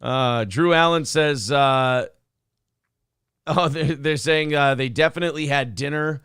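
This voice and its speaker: A man's voice: fairly high pitch, measured pace, clean tone, no room sound, clean studio sound. A man hosting a casual morning podcast, chatting bluntly with heavy swearing and reading viewer messages aloud. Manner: blunt, profane, animated storytelling. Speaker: morning show host. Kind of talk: casual podcast banter, reading super chats.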